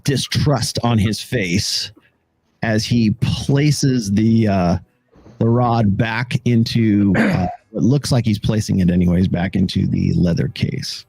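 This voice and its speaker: A man narrating a tabletop game as game master, halting and searching for words, laughing often. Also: fairly low pitch, gravelly, a little mellow, slightly rough, dry recording.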